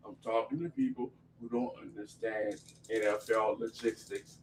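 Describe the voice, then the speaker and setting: A man's voice: on the low side, fairly even intonation, moderate pace. A man arguing heatedly in a sports debate, cursing and repeating himself over the others. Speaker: debate panelist. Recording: echoey, distant room mic with faint noise.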